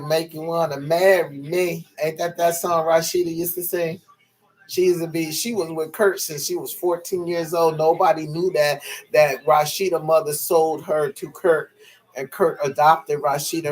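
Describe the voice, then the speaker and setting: Casual vlogger, high-pitched man, rambling and profane, high and tired. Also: level tone, normal speed. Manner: rambling, profane, laughs often. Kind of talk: casual monologue to viewers.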